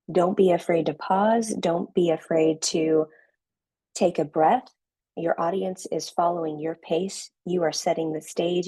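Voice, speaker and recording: A woman's voice: fairly low pitch, darkish tone, husky, no echo, low-quality recording. A woman giving an online class lecture on presenting, coaching her students and checking in with them often. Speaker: online instructor.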